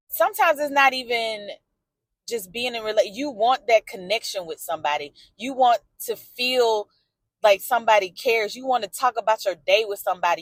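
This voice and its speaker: A woman's voice: fairly high pitch, a bit bright, no echo. A woman talking candidly in a personal vlog from her car, emotional and outspoken, swearing and answering back to a story she follows. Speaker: vlogger.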